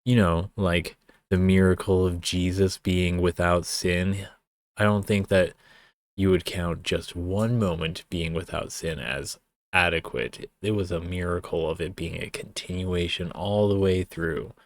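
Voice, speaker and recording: A young man with a low voice and fairly even intonation gives slightly slow, casual stream commentary while reacting to a song. He's sarcastic and profane and keeps wandering into rambling asides, with no echo in the recording.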